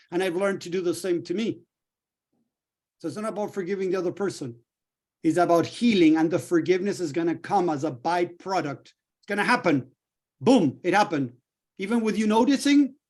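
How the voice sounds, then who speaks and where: A middle-aged man coaching a group in a lively way, acting out little dialogues as he explains. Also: high-pitched. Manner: animated, acts out little dialogues. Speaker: healing coach.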